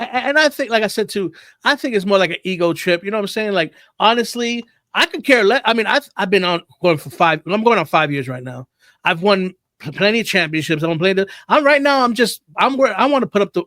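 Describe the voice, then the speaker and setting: Brief: podcast host, man with a high voice, rapid and rambling, dry close sound. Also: fairly bright tone, no echo. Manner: rambling, repeats words when starting a thought. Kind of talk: casual podcast chat.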